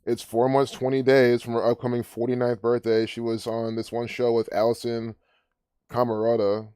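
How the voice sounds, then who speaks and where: A man's voice: mid-range voice, level tone, normal speed, warm tone, clear, resonant tone, dry recording, studio quality. A man hosting his own commentary channel, talking casually and scornfully over a news clip, often sarcastic and laughing.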